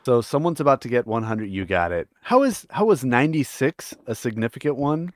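Animated man hosting a gaming chat. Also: medium pitch, brisk, no room sound, studio quality. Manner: laughs often, chatty and amused. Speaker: gaming channel host.

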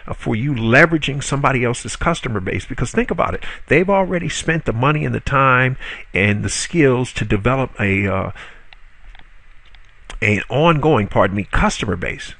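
A man with a gravelly, creaky voice walks viewers through a marketing tutorial, recorded dry with no room sound. He talks casually, stumbles over fillers and corrects himself, and keeps pitching rhetorical questions at the audience. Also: lively intonation, moderate pace, a bit bright, no room sound. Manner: conversational, frequent "uh" fillers and self-corrections. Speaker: online marketing instructor. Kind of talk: spoken video tutorial.

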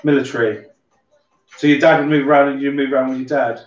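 A man with a light Somerset twang hosts a casual drink-along livestream, rambling and swearing offhandedly. His mid-range voice is fast with fairly even intonation. The sound is roomy, distant and dull, with music behind him.

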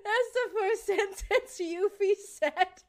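A woman's voice: very high voice, takes it slowly. A woman streamer chatting casually, bubbly and laughing.

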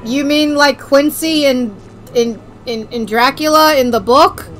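A woman streaming a video game, chatting excitedly, joking and swearing as she plays. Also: high voice, a little slow, soft background music. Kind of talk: casual let's-play commentary.

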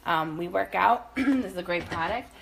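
A woman's voice: lowish voice, animated, normal speed, creaky. A woman in her thirties giving a house tour while walking room to room, chatty and upbeat, a little out of breath, checking in with "okay?" and "guys" often. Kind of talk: casual product tour talking to camera.

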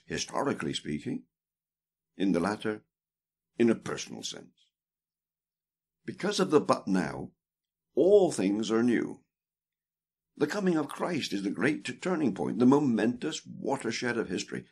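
A man reading a theology book aloud as an audiobook, in a deliberate, emphatic manner that stresses key words. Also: on the low side, very animated, creaky, a little mellow, breathy edge. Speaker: audiobook reader.

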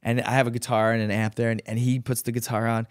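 A man guesting on a podcast, telling lively stories full of fillers and putting on high voices for quotes. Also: fast, dry recording, studio quality. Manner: animated storyteller, acts out quotes in high voices, many fillers. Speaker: podcast guest, professional dancer. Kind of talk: casual chat, storytelling.

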